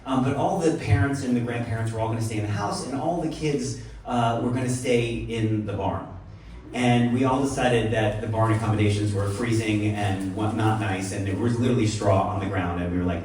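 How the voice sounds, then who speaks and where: A man's voice: mid-range voice, brisk, a little mellow. A man telling a rambling personal story live, full of asides, restarts and wry jokes about himself. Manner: rambling, self-interrupting, wry. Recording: echoey room, heard from a distance.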